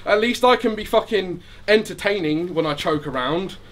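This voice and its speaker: A man's voice: sits high, expressive, moderate pace. A man in his late twenties performing at a live rap battle, trading insults in rhymed bars and laughing at his own jokes. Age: late 20s. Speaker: battle rapper. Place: live venue before an audience.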